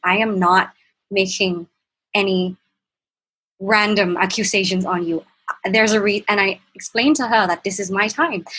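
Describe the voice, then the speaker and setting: A woman with a husky, slightly breathy voice at an ordinary middle pitch, recounting a personal experience in an interview. She talks in halting stretches with frequent restarts. She acts out the quoted lines of an argument. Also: a bit bright, low-quality recording. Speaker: program participant, guest. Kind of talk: casual personal storytelling.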